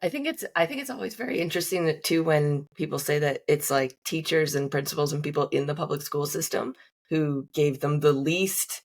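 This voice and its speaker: Lady cohost on a podcast, quick thoughtful comments. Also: deep voice. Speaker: podcast co-host. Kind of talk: casual podcast conversation.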